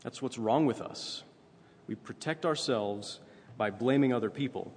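A man's voice: medium pitch, measured pace, darkish tone, husky. A man preaching a sermon in a conversational way, often checking in with "right?" as he goes. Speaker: pastor. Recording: long reverb, faint ambient noise.

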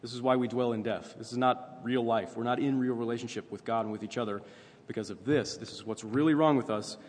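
A man's voice: mid-range voice, steady tone, fast, a little mellow. A man preaching a sermon in a conversational way, often checking in with "right?" as he goes. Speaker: pastor. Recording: long reverb, faint ambient noise.

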